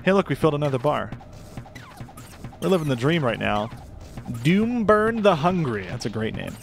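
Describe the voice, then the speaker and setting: Young guy rambling through a game, laughing at himself, mid pitch, bit of music in the back. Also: animated, a little fast, creaky. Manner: chatty, self-deprecating, rambling asides. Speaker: gameplay commentator. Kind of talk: casual gameplay commentary.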